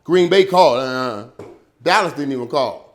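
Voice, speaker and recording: A man in his fifties sits in as a guest and tells stories in a loose, slangy, lively way. His voice sits in an ordinary middle pitch, and he keeps repeating words and playing out the lines of the people in his stories. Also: moderate pace. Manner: animated, slangy, repeats words and acts out quotes. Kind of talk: casual storytelling.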